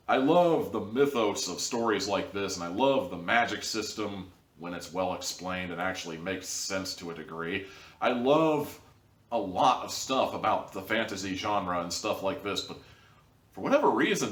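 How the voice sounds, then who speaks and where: A man's voice: fairly low pitch, fairly bright tone, roomy sound, far from the mic. A man hosting a casual video review, rambling and wry in an easygoing way. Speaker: show host and reviewer.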